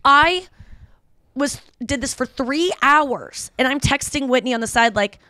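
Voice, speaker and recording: A woman in her thirties hosts a podcast and tells a story in casual chat, slipping into the voices of the people in it. Her voice sits a little high. The sound is dry and close. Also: measured pace, dry recording. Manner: animated storytelling, acts out quoted voices. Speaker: podcast host.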